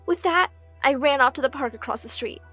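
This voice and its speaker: A young woman narrating a dramatic first-person animated story, emotive and expressive. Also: high voice, fairly quick, soft background music. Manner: emotive, rising and falling with the drama.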